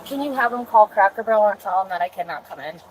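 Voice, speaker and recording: A woman's voice: medium pitch, lively intonation, fast talker, a little hiss or hum, poor audio. A woman being detained by police, talking in an anxious, pleading way. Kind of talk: police bodycam encounter.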